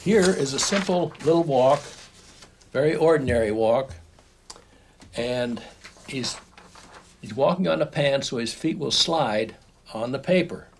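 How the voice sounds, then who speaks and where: A man's voice: medium pitch, animated, unhurried, long pauses. An older man teaching animation in a recorded home-video lesson, explaining step by step while he draws, with frequent restarts. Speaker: animation instructor. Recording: faint background noise, old home video.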